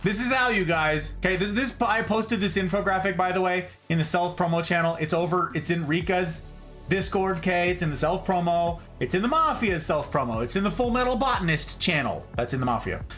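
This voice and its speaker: A male streamer with a lively, swooping voice that keeps rising and falling as he chats with his viewers. He gushes and laughs easily. Soft music plays behind him. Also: high voice, fairly quick. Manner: chatty, effusive, often laughing. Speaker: live streamer greeting chat. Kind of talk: casual live-stream chat.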